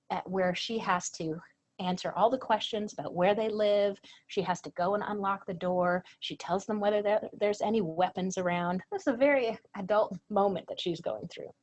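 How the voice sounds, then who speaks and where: A woman's voice: mid-range voice, slightly rough, low-quality recording. A woman presenting a training lecture, earnest and emphatic. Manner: earnest, emphatic, reads out quoted lines.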